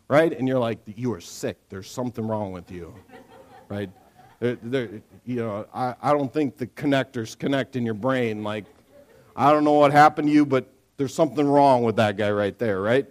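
Animated man giving a conversational sermon. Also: mid-range voice. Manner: animated storyteller, acts out quotes, frequent "right?"; lively conversational sermon delivery. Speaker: pastor.

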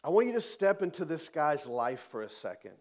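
A man's voice: a little high, sing-song, a little fast, darkish tone. A man preaching a sermon, reading scripture aloud with emphatic, dramatic rises in his voice. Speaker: pastor.

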